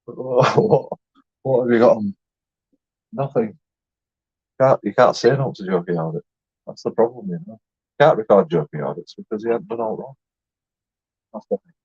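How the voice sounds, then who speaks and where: A man's voice: fairly low pitch, lively intonation, unhurried, pauses often, a little mellow, husky, no room sound. A man, a YouTube vlogger rambling in a boastful, jokey way, swearing and laughing as he talks. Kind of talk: casual rambling monologue. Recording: dull lo-fi dry sound.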